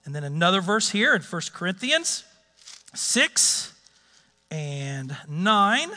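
A man preaching a sermon as pastor in a church sanctuary, lively and urging the congregation to join in. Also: high-pitched, long reverb tail.

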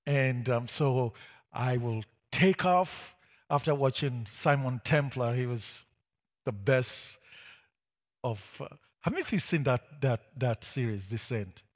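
Guy telling his conversion story from the pulpit, takes his time, gets loud and fired up at the big moments. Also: mid-range voice. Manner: storytelling, slow, builds to loud emphatic peaks. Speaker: preacher sharing his testimony. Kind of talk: sermon testimony.

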